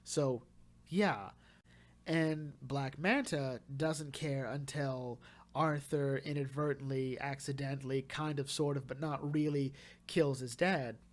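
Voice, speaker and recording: A man's voice: mid-range voice, fairly even intonation, slow pace. A young man giving a casual movie review, rambling and gushing with lots of restarts and fillers.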